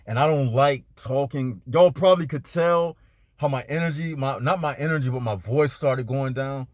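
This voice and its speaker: A man's voice: mid-range voice, moderate pace, dry recording. A man in a parked car giving a casual spiritual talk to his viewers, laid-back and slangy, speaking straight to them. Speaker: spiritual vlogger.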